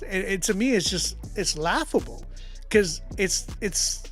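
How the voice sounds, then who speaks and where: A man's voice: high voice, animated, a little slow, a bit bright. A man hosting a live music critique stream, talking in a loose, slangy way with frequent laughs and restarts. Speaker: livestream music critique host. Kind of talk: casual live-stream chat.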